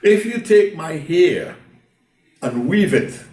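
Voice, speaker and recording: A man's voice: fairly high pitch, animated, slow, mellow, pitched above the performer's own voice. A man voicing an evasive, teasing biblical strongman within a sermon, recorded from a distance in a roomy hall. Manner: teasing, offhand.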